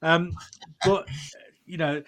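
A man's voice: a little high, fairly even intonation, takes it slowly, a bit bright. A man hosting a podcast in casual conversation, jokey and enthusiastic. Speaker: podcast host.

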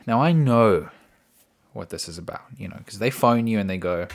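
A man's voice: fairly low pitch, a little fast. A man hosting a casual solo podcast, rambling chattily from topic to topic with frequent fillers and restarts, recorded indoors at home. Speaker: podcast host.

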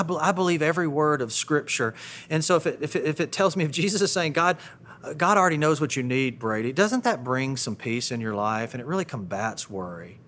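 A middle-aged pastor preaches a sermon in a conversational way, often repeating words as he restarts. His voice is on the high side with a fairly bright tone.

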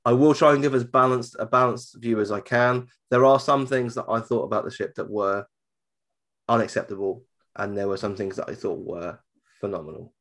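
A man's voice: on the low side, steady tone, fairly quick, a bit bright. A man from southern England, co-hosting a casual podcast chat, jokey and prone to restarting his sentences. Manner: chatty, jokey, repeats himself when restarting. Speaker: podcast co-host.

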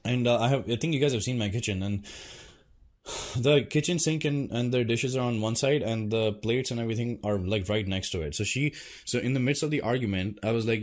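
A man's voice: mid-range voice, a little fast. Rambling, profane man telling a story. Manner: rambling, profane, full of fillers. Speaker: vlogger. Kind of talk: casual storytelling to camera.

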